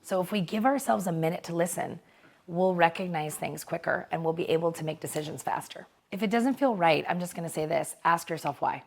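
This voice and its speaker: Candid, lower-voiced woman podcast host. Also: brisk, gravelly. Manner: candid, conversational, mild swearing, frequent "right?" check-ins. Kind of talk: casual motivational monologue.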